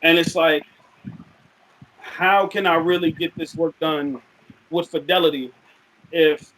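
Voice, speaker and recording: A young man talking as a podcast guest, relaxed and rambling, with frequent fillers in casual chat. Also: on the high side, slow, poor audio.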